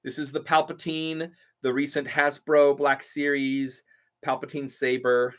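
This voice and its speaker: A man's voice: mid-range voice, flat delivery, unhurried. A male voiceover artist hosting a casual live stream, answering viewer comments in an eager, chatty and grateful way.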